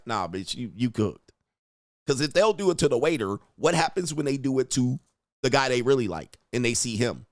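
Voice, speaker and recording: A man's voice: medium pitch, animated, moderate pace, dry recording. A man hosts a talk show and reacts to clips with blunt, profane mockery. His voice sits in a middle register. It is recorded on a close, dry mic with no room sound. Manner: blunt, crude, mocking, acts out quoted voices. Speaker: host reacting to video clips. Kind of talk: profane commentary on relationships.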